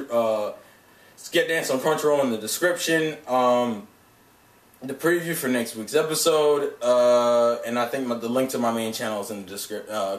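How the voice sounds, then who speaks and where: Rambling, profane young-sounding man in an echoey room. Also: mid-range voice. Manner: rambling, profane, laughs often. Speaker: anime reviewer. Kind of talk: casual vlog review. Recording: echoey room, mic at a distance.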